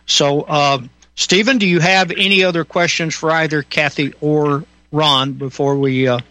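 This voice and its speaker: A Southern man hosting a talk radio show, his voice bright and forward and pitched a little above the usual for a man. He rambles in a folksy way, with plenty of uh's between his thoughts. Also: fairly even intonation, moderate pace, dry recording, poor audio. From Southern United States. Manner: folksy, rambling with many fillers. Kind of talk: casual radio chat.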